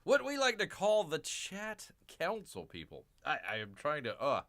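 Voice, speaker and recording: Animated man with wide pitch swings. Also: moderate pace. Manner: rambling, calls himself Bear in third person, keeps saying "people"; lively, animated delivery with big pitch swings. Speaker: gaming channel host. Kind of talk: casual let's-play commentary.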